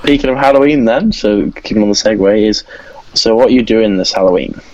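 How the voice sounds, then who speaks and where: A man's voice: fairly low pitch, a little fast, darkish tone, slight background noise. A man chatting on a podcast, often restarting his sentences and putting on voices for the people in his stories. His recording sounds a little dull and lo-fi. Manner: stumbling restarts, acts out quoted voices. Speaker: podcast co-host. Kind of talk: casual chat.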